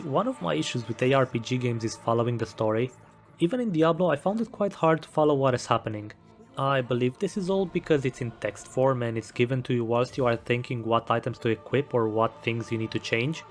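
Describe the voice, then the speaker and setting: A man giving a scripted game review voice-over with a wry, self-deprecating sense of humor. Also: mid-range voice. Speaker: gaming video creator.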